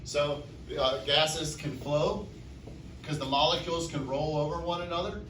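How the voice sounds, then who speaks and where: A man's voice: on the high side, steady tone, measured pace, a bit bright, a little hiss or hum. A man teaching chemistry to a classroom, asking the class questions and answering them himself. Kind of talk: classroom lecture. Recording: echoey classroom from far off.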